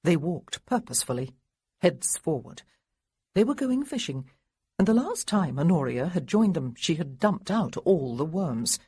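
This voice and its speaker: Husky, expressive woman audiobook narrator. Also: sits low, unhurried, no room sound. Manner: expressive, lively character dialogue.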